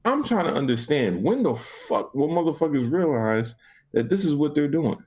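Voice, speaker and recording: A man's voice: fairly high pitch, sing-song, normal speed, darkish tone, breathy edge. A man co-hosting a gaming podcast, ranting casually with lots of profanity and acted-out back-and-forth. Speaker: podcast co-host.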